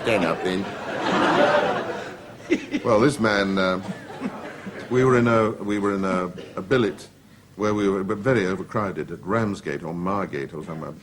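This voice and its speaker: A man's voice: deep voice, moderate pace, a little hiss or hum. Witty middle-aged man spinning anecdotes. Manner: witty raconteur with comic timing. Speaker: talk show guest. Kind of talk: anecdotal storytelling. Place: television studio with audience.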